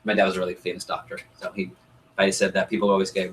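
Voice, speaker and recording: In a low-pitched, fast-moving delivery, a man trains a group in sales, questioning the audience and playing out customer scenarios with animation. Slight background noise runs under the low-quality recording.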